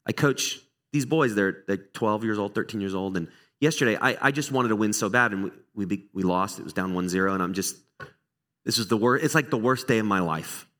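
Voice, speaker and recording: Fairly low in pitch and a little fast, a middle-aged man preaches conversationally from the pulpit as a pastor. The stories he shares about himself are candid, animated, and self-deprecating.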